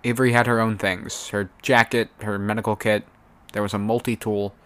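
A man reads a web-serial chapter aloud as a fan audiobook narrator. His voice sits somewhat low, and he keeps a steady, even-paced reading manner throughout. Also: moderate pace, clear, resonant tone.

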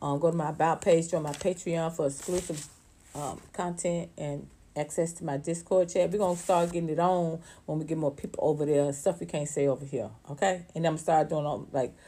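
Animated, profane woman gossiping. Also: low voice, fairly quick, breathy edge. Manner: animated, profane, laughs often, acts out voices. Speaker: commentary channel host. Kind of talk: casual celebrity gossip commentary.

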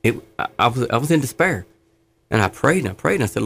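A man's voice: mid-range voice, big pitch swings, quick pace, gravelly, a bit bright, slight background noise. A middle-aged man sharing his faith testimony in conversation, fervent and earnest, telling stories with laughs.

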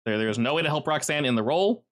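A man's voice: on the high side, animated, fast, a bit bright. A man running a tabletop game as game master, telling the scenes in a casual, vivid way with many fillers.

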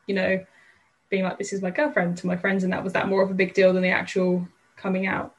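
A woman's voice: mid-range voice, monotone, fast talker. A young woman in casual chat, asking questions and teasing her friend. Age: young adult. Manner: teasing, jokey, asks questions.

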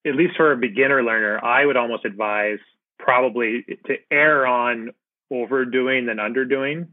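A man hosting a conversational interview, speaking casually and agreeably, animated when he tells a story. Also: mid-range voice, normal speed, dry recording. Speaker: podcast host. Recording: phone-like remote call audio.

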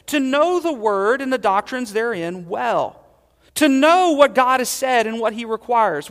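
Gravelly high-voiced preacher in a reverberant hall. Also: male voice. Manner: earnest preaching, rising and dropping to quiet emphasis. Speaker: pastor. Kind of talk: sermon.

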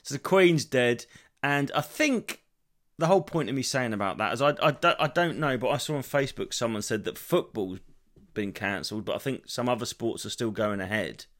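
Medium in pitch and moderate in tempo, this man in his thirties runs a solo comedy podcast where he rambles, swears and tells stories with animation, meandering as he goes.

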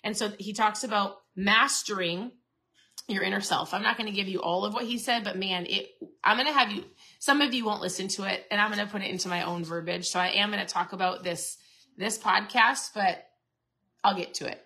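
A woman host in middle age talks in a casual, earnest, motivational way. Her voice is bright and forward at a middle pitch. She restarts her sentences and circles back as she goes. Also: fairly quick. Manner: chatty, earnest, restarts and repeats herself. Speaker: podcast host and keto coach.

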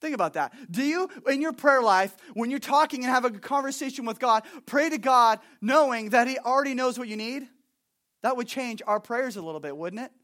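High-voiced animated young man preaching. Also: a little fast. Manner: animated, conversational preaching with acted-out asides. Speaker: pastor. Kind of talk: sermon.

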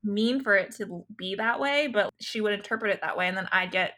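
A woman's voice: mid-range voice, fairly quick, sharp tone. A young woman co-hosting a podcast, chatting casually, laughing along and agreeing with her co-host's stories. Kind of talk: casual chat.

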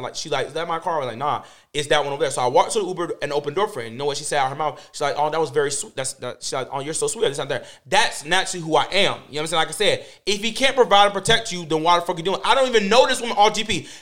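Fast-talking man telling stories emphatically. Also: fairly high pitch, fairly bright tone. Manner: emphatic, repetitive, profane storytelling. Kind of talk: casual group discussion.

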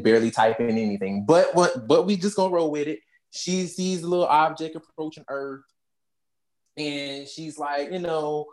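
A podcast co-host casually recapping a movie, acting out lines with laughter and swearing freely. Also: mid-range voice. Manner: animated, laughing storyteller who acts out quotes; casual cursing.

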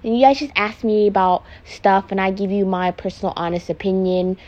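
Her medium-pitched, slightly mellow voice stays steady and a little fast, recorded in lo-fi sound. She's a young pregnant vlogger doing a makeup podcast, emotional and frank, swearing freely and relying heavily on "like" as she confides casually.

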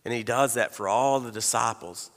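A man's voice: mid-range voice, moderate pace, a bit bright, in a large hall. A man preaching a sermon in a casual, storytelling way, acting out the quotes of the people in his story and often repeating words. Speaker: pastor.

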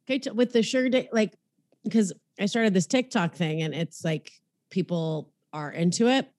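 A woman's voice: medium pitch, normal speed, darkish tone, no room sound. A young woman hosting a comedy podcast, talking frankly and crudely in a casual chat and quoting others.

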